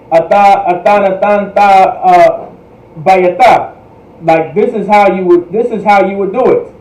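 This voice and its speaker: High-voiced man teaching in an echoey room. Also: a little mellow. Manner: repetitive, drills pronunciation patiently. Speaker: language teacher. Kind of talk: livestreamed class lecture.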